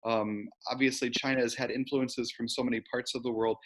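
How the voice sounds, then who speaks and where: A man moderating a question-and-answer session over a video call, asking enthusiastic, halting questions. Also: mid-range voice, level tone, a bit bright, a little hiss or hum. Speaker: program moderator.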